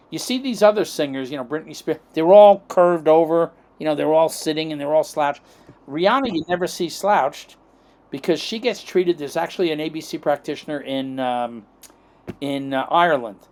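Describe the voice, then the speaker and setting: On a podcast, a middle-aged American chiropractor tells long, wandering anecdotes in a voice that's on the high side with a darkish tone. He acts out the quoted dialogue and keeps checking in with "okay?" and "right?"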